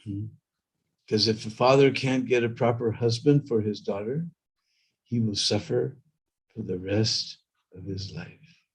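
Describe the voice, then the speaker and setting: A man's voice: fairly low pitch, measured pace, long pauses, slightly rough. A man preaching a storytelling sermon, talking conversationally and prompting listeners with "hmm?" and "huh?".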